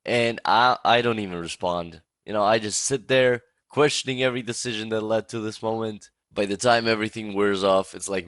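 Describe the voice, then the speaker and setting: A young man narrating a storytime vlog with an animated, laughing, profane delivery. His voice sits fairly low and sounds close and dry, with no room behind it. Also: no echo. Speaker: storytime vlogger.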